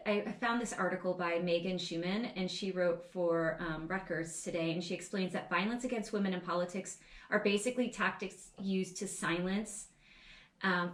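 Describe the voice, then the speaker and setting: A woman podcast co-host at a middle pitch. She explains a topic in a loose, rambling way and leans on fillers. Her voice echoes around the room. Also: a bit bright. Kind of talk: casual chat.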